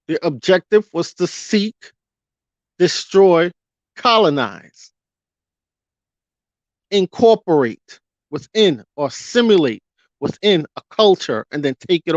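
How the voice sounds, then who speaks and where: A man's voice: sits high, expressive, slow, pauses often, a little mellow, dry recording. A man ranting through a fiery commentary monologue, firing rhetorical questions at his viewers and stretching out words for emphasis. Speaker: vlogger. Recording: dull lo-fi dry audio.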